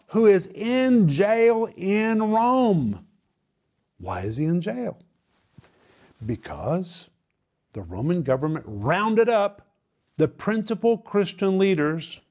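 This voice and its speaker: A man preaching a sermon, addressing listeners as his friends with dramatic swings in pitch. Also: a little mellow.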